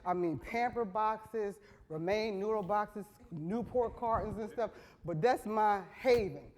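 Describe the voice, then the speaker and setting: Middle-aged woman talk show host, blunt comic storyteller, earthy, loud when excited. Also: mid-range voice, a little slow. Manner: frank, earthy, builds to loud excited bursts.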